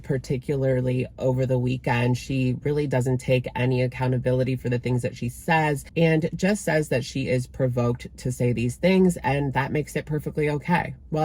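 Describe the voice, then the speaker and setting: A man's voice: mid-range voice, a little mellow, slightly rough. Male commentary host, casual delivery, dry sarcastic bite. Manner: sarcastic, dismissive.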